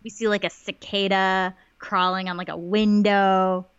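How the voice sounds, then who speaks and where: A woman's voice: mid-range voice, little pitch movement, a little slow, clean tone, no echo, lo-fi sound. A woman co-hosting a podcast, recapping a TV episode in casual chat with lots of "like" fillers. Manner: chatty, many "like" fillers, quotes lines in little voices. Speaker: podcast co-host.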